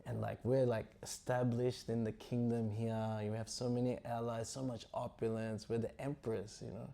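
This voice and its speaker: A sly adviser plots in a low, hushed voice close to the storyteller's own, as a man acts him out. He is conspiratorial and mocking, with a mellow, dark tone. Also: flat delivery, moderate pace, creaky, natural voice. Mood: scheming.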